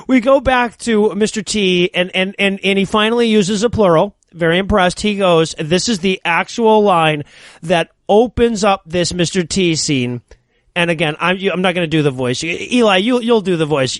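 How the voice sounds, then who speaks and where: A man's voice: sits high, normal speed, no room sound. A man co-hosting a comedy podcast, wryly recapping a movie's plot with jokes. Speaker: podcast co-host.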